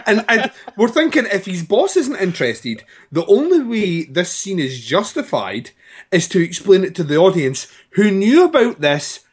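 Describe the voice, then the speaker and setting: Wry man with a higher voice. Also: big pitch swings, moderate pace, slightly rough. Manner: wry, incredulous, swears casually. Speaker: podcast co-host. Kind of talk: casual movie review chat.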